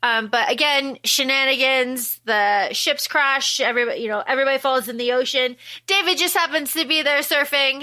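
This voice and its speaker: A woman's voice: sits high, moderate pace. A woman co-hosting a podcast, animatedly recapping a film in casual chat and acting out quotes. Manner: animated, acts out quotes in funny voices. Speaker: podcast co-host.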